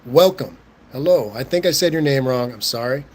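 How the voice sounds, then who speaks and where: A young man with a Southern Californian accent, hosting a casual livestream and reading chat comments. He talks in a relaxed, stammering way and chuckles often. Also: mid-range voice, normal speed. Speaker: livestream host.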